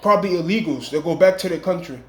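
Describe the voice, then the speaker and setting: A vlogger with a fairly high voice talks fast, rambling through a long dream story in casual street slang and throwing in emphatic warnings. The room sounds echoey.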